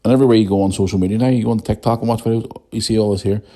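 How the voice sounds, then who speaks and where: A man's voice: fairly low pitch, quick pace, long pauses, mellow. A man with a Northern Irish accent hosting a podcast, ranting bluntly and swearing often in a casual monologue. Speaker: podcast host.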